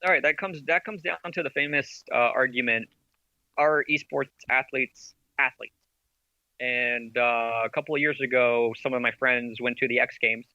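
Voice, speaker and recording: A man's voice: medium pitch, fairly even intonation, moderate pace, pushed and bright, no room sound, lo-fi sound. A man, a podcast guest who founded an esports team, talks in an enthusiastic, rambling way and argues through rhetorical questions. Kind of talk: casual interview chat.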